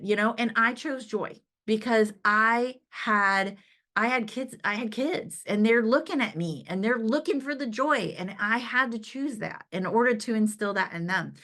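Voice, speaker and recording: A woman's voice: medium pitch, fairly bright tone. A woman giving an upbeat motivational talk in a conversational way, often checking in with her listeners and laughing easily. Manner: upbeat and conversational, often asks "right?" and "okay?". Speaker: direct-sales team leader giving a motivational talk.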